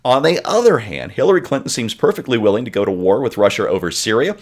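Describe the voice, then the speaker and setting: A man hosting a political talk show, setting up questions in a brisk, wry way. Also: medium pitch, big pitch swings. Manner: brisk, wry, reads lead-ins to questions. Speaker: host.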